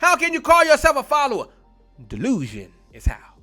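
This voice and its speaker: High bright-voiced man preaching bluntly. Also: huge pitch swings, soft background music. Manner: blunt, confrontational, profane; drawls key words slowly for emphasis. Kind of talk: fiery online sermon.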